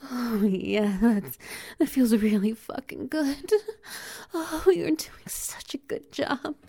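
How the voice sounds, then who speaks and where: Playing a teasing, dominant feline creature with a tail, a woman whispers in a slow, breathy role-play, often letting out soft laughs. Her fairly high voice is expressive and heavily acted.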